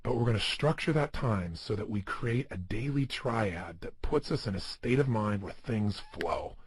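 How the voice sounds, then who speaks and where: A man with a husky, fairly high voice delivers a motivational seminar talk. His pitch swings widely as he presses his points home with emphatic rhetorical questions. The sound is dry and close. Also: animated, moderate pace, dry recording. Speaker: motivational speaker.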